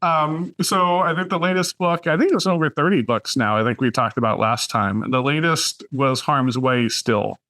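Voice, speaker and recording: A man hosting a casual podcast chat, loose and chatty, laughing often and filling pauses with "um". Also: a little high, bright, forceful tone. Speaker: podcast host.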